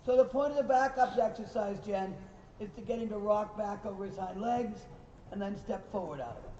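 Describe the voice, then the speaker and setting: A man's voice: high voice, fairly quick, warm tone, slight background noise. A man coaching riders through a lesson, calling out praise to the horses and corrections to the riders. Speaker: riding instructor. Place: riding arena. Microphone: recorder far from the speaker. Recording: distant, echoey, dull recording.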